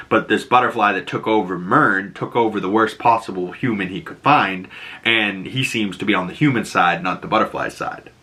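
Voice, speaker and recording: A man with a Boston accent giving a casual, animated episode recap, swearing freely and acting out characters' lines in jumped-up voices. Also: fairly low pitch. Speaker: pop culture recap host.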